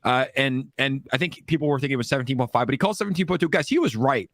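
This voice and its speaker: Upbeat male stream host, rapid and dry-sounding, likes to needle his guests. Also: medium pitch, fairly bright tone, dry recording. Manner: upbeat, quick, teasing. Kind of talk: casual crypto livestream chat.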